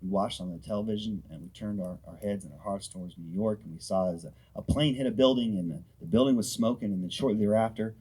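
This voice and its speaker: Talking fast with hardly any pauses, this thirty-something comedian has a lowish, warm voice with a breathy edge. He works a crude, self-deprecating routine and trades banter with a small crowd at an outdoor firepit, whose laughter and heckling surround him.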